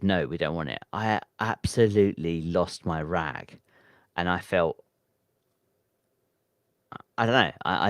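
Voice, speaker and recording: A man's voice: deep voice, dry recording, studio quality. A man hosting a late-night livestream, reading viewer chat and thinking aloud in a hesitant, rambling way with lots of ums. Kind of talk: casual live-stream chat. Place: home at midnight.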